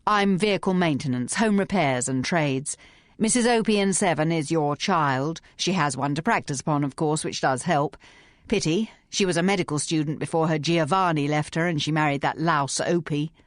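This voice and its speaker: A woman voicing a blunt, gruff middle-aged woman writer who talks in clipped, barking sentences. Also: sits low, normal speed, no echo, clean studio sound, natural voice. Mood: dry.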